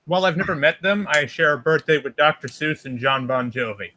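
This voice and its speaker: Young man, mid twenties, sardonic, bright forceful tone. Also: a little high, expressive, brisk, a little hiss or hum. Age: 20s. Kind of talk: casual voice chat.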